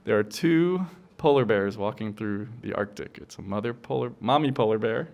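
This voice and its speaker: Man telling a joke at his mom's memorial, voice bouncing all over, playful and halting. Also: lowish voice, gravelly, lo-fi sound. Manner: playful, lively, halting with fillers. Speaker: son of the deceased, eulogy speaker. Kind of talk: joking memorial speech.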